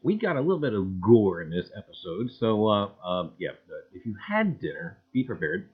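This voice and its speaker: Folksy livestream host, man, lively up-and-down voice, loud cheery hellos, dull lo-fi audio. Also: lowish voice, moderate pace, breathy edge. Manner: folksy, repeats catchphrases, loud cheerful greetings. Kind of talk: livestream chat greeting viewers. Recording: dull lo-fi sound.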